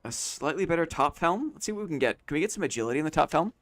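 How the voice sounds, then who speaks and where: A man's voice: fairly high pitch, lively intonation, racing, fairly bright tone. A man chatting casually on a late-night game live stream, thinking aloud and repeating phrases to himself.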